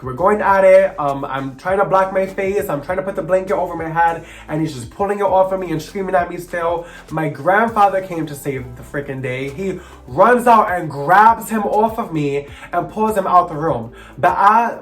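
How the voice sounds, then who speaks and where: Young male vlogger, about 20, slightly high voice, expressive and sassy storyteller. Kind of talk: personal storytelling.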